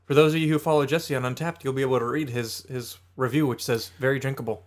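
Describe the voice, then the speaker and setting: A man's voice: mid-range voice, fairly even intonation, fast talker. A man co-hosting a casual beer tasting, joking and describing flavors. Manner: easygoing, jokey, descriptive. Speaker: co-host of a beer tasting show.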